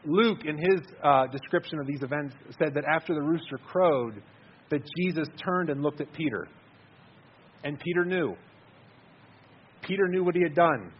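A man's voice: on the high side, lively intonation, normal speed, long pauses, husky, dull audio. A man giving an earnest, conversational sermon, repeating words as he stresses his points. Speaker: preacher.

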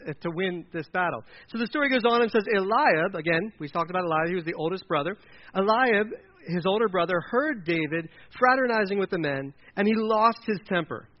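A man's voice: high voice, highs cut off. A male preacher from Delaware giving a conversational sermon, acting out quoted characters as he goes.

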